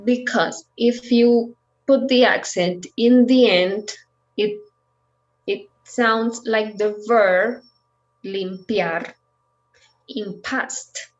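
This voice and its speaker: A woman's voice: a little high, drawn-out words, muffled recording. A woman who is a native Spanish speaker teaching an online Spanish lesson, explaining patiently with many fillers over a video call.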